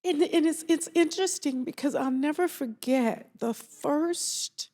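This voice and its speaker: A woman from Atlanta speaks as a therapist guest on a podcast, her voice carrying a clear vocal fry. She talks earnestly and reflectively, sharing personal stories with feeling. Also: sits high, measured pace, warm tone. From Atlanta, Georgia. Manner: earnest, reflective, emotional storytelling. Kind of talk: casual interview chat.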